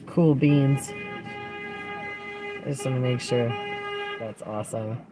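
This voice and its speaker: Sitting in a parked car with traffic passing outside, a woman hosts a casual livestream, chatting in an upbeat, rambling manner. Her voice is very deep and she speaks slowly.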